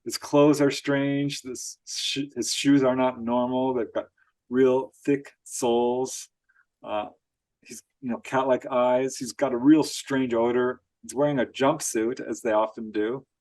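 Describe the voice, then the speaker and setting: A man tells odd stories as a guest on an interview, chuckling often and slipping into little voices for quotes. His voice sits in a middle pitch. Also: measured pace. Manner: animated storyteller, laughs often, acts out quotes. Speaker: author guest. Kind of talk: storytelling interview.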